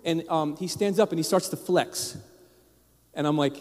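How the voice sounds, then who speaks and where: Set against the long reverb of a church sanctuary, this pastor's sermon unfolds as an informal personal story at a moderate pace. He's lively and loose, restarting often and tossing asides to the congregation, in a voice slightly high for a man.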